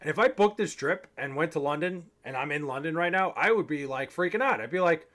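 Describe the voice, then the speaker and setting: A man's voice: fairly high pitch, animated, a little fast, a bit bright. A young man on a livestream, chatting casually, rambling and swearing, a little tipsy. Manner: rambling, profane, joking. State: a bit tipsy. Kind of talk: casual chat to stream chat.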